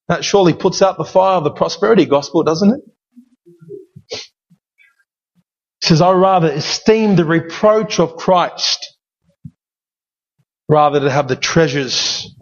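A man preaching a sermon as pastor, emphatic and given to repeating key phrases. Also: high voice. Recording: dull sound with long hall reverb.

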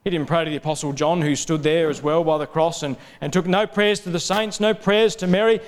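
A man preaching a sermon in a steady, rhythmic cadence, building lists of parallel phrases. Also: a little high, fairly quick, few pauses.

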